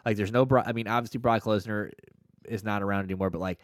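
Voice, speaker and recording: A man co-hosting a podcast in casual chat, rambling and profane with excitable bursts. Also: lowish voice, fast talker, dry recording, studio quality. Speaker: podcast co-host.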